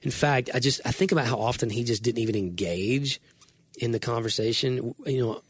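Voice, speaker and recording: Husky-voiced man talking faith, earnest and rambling. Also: mid-range voice, brisk, dry recording. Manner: earnest, rambling, self-correcting. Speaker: Christian podcast co-host. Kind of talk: casual faith conversation.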